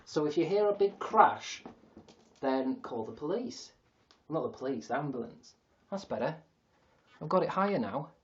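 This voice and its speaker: A man's voice: on the high side, lively intonation, moderate pace, highs cut off. A man with a Yorkshire accent, rambling and self-mocking on a casual livestream from an attic, with some swearing. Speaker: livestream host. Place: sister's attic.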